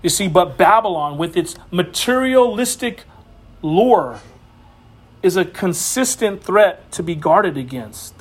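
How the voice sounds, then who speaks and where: A man giving a casual sermon as a Bible teacher, passionate and slangy, often laughing as he preaches. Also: fairly high pitch.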